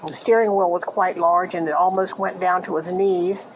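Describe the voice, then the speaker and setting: An older woman from Florida, casually telling a memory from her childhood in a halting way, restarting sentences and trailing off into quieter asides. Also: on the low side, flat delivery, slight background noise, poor audio. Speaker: eyewitness recounting a childhood memory. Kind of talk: casual personal storytelling.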